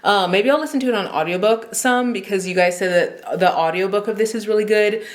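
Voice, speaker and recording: A woman's voice: medium pitch, brisk, dry recording. A young woman vlogging about books in a casual, chatty way, full of fillers. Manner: chatty, filler-heavy, reads dialogue aloud. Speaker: book vlogger.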